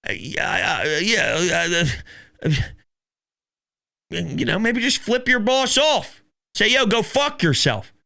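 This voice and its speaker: A man hosting a casual sports talk show, taking calls and rambling excitably. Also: high voice, takes it slowly, vocal fry, long pauses. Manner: excitable, laughing, rambling with restarts. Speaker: sports podcast host.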